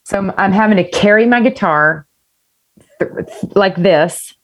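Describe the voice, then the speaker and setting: A woman's voice: mid-range voice, unhurried, highs cut off. Candid, rambling woman singer-songwriter. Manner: candid, rambling storyteller who swears freely. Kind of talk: casual interview chat.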